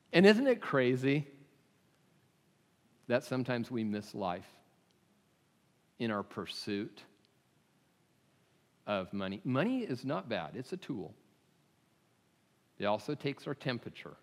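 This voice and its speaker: A man's voice: medium pitch, sing-song, measured pace, pauses often, in a large hall. A man preaching a sermon in a casual, conversational way, with chuckling asides and lots of "uh" restarts. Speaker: pastor.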